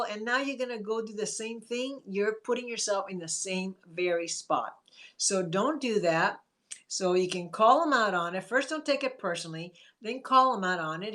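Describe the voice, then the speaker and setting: A woman therapist talks through a casual live stream in a coaching, conversational way. Her pitch sits in an ordinary middle range for a woman. She greets viewers by name and acts out calm replies. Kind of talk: live-streamed advice talk.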